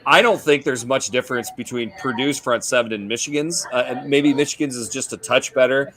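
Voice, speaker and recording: A man with a light Minnesota accent talks through college football picks on a sports radio show. His voice is bright and forward, at an average pitch. He speaks in an easygoing, halting way, often restarting his sentences. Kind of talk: casual sports talk.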